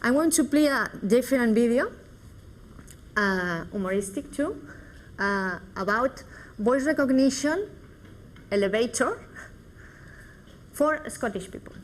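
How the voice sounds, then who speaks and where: A woman lecturer explains her points in a measured, unhurried way, pausing as she goes. A faint hum of the room sits behind her voice. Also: a little high, expressive. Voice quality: measured, explanatory delivery with pauses. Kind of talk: conference presentation.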